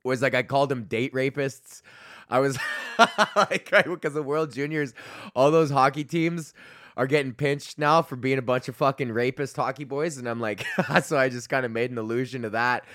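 A young man from Alberta, Canada, talks through his week on his podcast, loose and profane, laughing and trailing off mid-thought. His fairly bright voice sits at an ordinary middle pitch for a man and moves at a moderate pace. The sound is dry and close, with no room around it.

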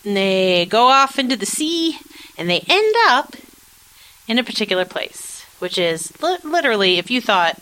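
A woman with a bright, forward tone chats through an episode recap as a podcast co-host. She talks animatedly, jumping between commentary and playful acted-out quotes. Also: a little high, normal speed, poor audio. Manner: animated, chatty, acts out quotes of characters. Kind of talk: casual chat recapping a TV episode.

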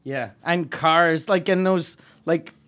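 Comedian guest, quick crude wit, somewhat high male voice. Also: fairly bright tone. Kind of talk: casual comedy podcast banter.

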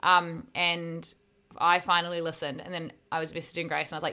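A young woman co-hosting a podcast, chatting casually and retelling stories with animated energy and frequent laughter. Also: lowish voice, a little fast. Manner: animated storytelling, laughs often. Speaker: podcast co-host. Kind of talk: casual chat.

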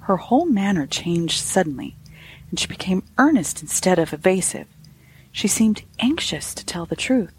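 A woman narrating a classic ghost story in a lively, expressive reading with soft asides. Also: lowish voice, normal speed, breathy edge.

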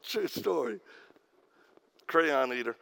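Gravelly man telling a wry sermon story. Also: a little high, animated, takes it slowly, fairly bright tone. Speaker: preacher.

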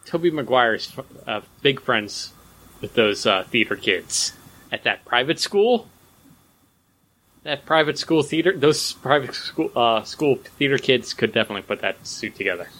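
A man's voice: medium pitch, expressive, measured pace, a bit bright, low-quality recording. A man co-hosting a podcast, chatting and teasing in a casual way about superhero films. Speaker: podcast co-host. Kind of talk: casual film chat.

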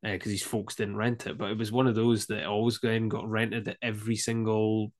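A man in his thirties, a podcast guest, chatting casually and telling an animated story with lots of fillers and some swearing. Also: fairly low pitch, fairly quick. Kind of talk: casual chat.

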